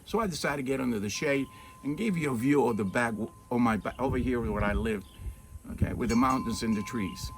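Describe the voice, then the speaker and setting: A man's voice: medium pitch, fast talker, creaky. A man giving an earnest, informal spiritual talk outdoors in the shade. He often asks rhetorical questions and checks in with "okay?". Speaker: spiritual teacher. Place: outdoors in the shade at his home, with trees and mountains. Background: faint outdoor ambience with birds and wind chimes.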